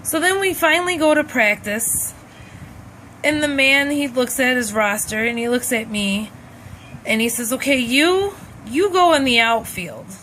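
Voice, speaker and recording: A young adult woman telling a personal childhood story in a lively, animated way, acting out the dialogue as she goes. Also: high-pitched, measured pace, a little hiss or hum, rough recording.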